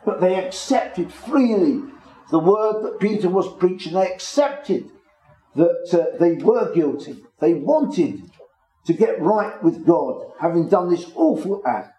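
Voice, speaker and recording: A man gives a measured Bible talk to a small gathering and leans on the words he wants to stress. His voice sits a little high and sounds mellow and warm. The room around him is echoey. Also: lively intonation. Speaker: preacher. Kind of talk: Bible teaching to a small congregation.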